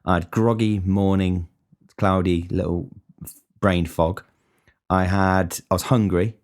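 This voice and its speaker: A man's voice: low voice, steady tone, slow pace, a little mellow. A man who works as a cook, talking in a casual, ranting monologue full of swearing.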